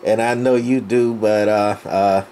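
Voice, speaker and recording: A man's voice: on the low side, fairly even intonation, measured pace, mellow, a little hiss or hum. A man on a CB radio chatting casually and agreeably with a friend. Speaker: CB radio operator. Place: on the air by CB radio.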